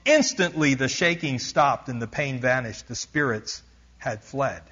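A man preaching, retelling a missionary story with lively emphasis. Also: mid-range voice, measured pace, husky, lo-fi sound.

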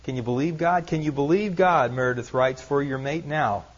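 A man's voice: mid-range voice, moderate pace. A man preaching an earnest sermon, repeating rhetorical questions and adding light self-deprecating humor. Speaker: pastor. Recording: dull lo-fi sermon recording.

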